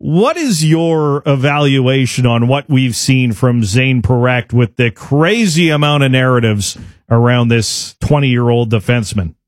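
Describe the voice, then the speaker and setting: A man's voice: medium pitch, expressive, unhurried, no room sound, studio quality. A man hosting a sports radio show, asking questions with hesitant fillers. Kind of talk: radio interview.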